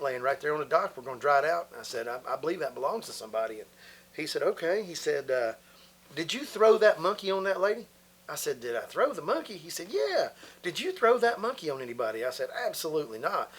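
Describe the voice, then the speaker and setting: A man's voice: a little high, a bit bright, husky. A man, telling a story from his youth in a folksy, casual way. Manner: folksy, drawling, quotes others in his own voice.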